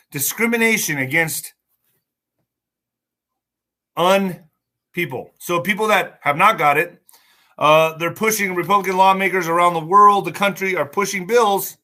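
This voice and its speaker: Ranting bright-voiced male podcast host. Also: high voice, measured pace. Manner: ranting, angry, swearing; stumbling over words while reading news aloud. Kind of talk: casual news commentary podcast.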